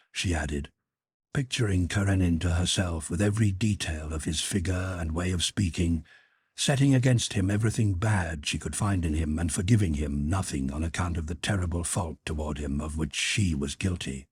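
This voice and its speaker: A man narrates a classic novel as an audiobook, measured yet expressive, his low voice very husky with a lively, wide-ranging pitch. The recording is close and dry.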